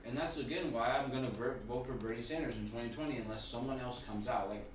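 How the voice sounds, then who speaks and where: Man talking earnestly, far from an echoey mic. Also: medium pitch. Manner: earnest, quick political talk with casual swearing. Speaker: podcast co-host. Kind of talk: casual chat while streaming a game. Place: home streaming setup. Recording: distant mic, very echoey, loud noise.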